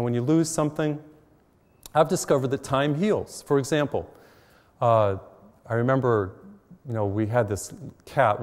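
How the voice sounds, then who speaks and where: A man's voice: medium pitch, darkish tone, big-room sound. A middle-aged man, a priest, giving a conversational televised sermon full of personal stories, recorded in a church. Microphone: mic while facing cameras.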